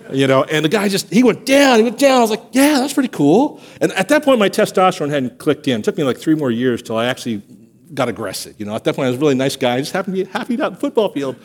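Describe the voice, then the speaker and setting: A man preaching a sermon as pastor of a church, telling stories and acting out quotes with lively energy. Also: fairly high pitch. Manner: animated storytelling, acts out quotes. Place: church sanctuary.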